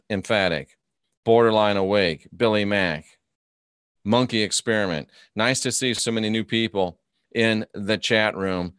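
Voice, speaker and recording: Low-voiced man ranting mockingly. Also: fairly bright tone, clean tone, dry recording, clean studio sound. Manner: mocking, combative, reads chat comments aloud. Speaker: host of a live stream. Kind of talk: ranting live-stream commentary.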